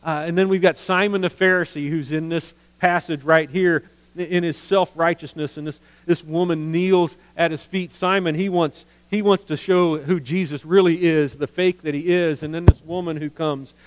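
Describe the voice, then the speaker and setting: A man preaching a sermon in an earnest, halting way, often repeating words as he goes. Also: on the high side, steady tone, clear, resonant tone, no room sound, rough recording. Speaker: pastor of a ministry.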